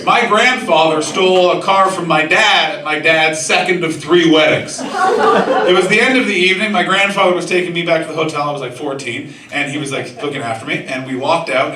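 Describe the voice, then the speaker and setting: Male stand-up comic working the crowd, slightly high voice, heard from a distance in an echoey club with a laughing audience. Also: fairly quick, heavy background noise. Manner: animated, shouting impressions of excited people. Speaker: stand-up comedian. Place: comedy club stage with audience. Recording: roomy club sound from far off, crowd laughter.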